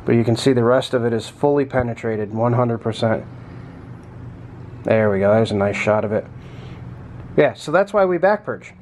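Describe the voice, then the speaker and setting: A relaxed, plain-spoken man walks through his welding job in a metal shop, swearing now and then. His voice sits at an ordinary middle pitch. A faint hum of shop noise runs under him. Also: moderate pace, pauses often. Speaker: fabricator showing his welding work. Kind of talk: casual show-and-tell.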